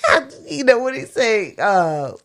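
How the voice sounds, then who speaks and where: A woman in a casual movie review chat, lively and teasing, laughing often. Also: fairly low pitch, moderate pace. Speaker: podcast co-host.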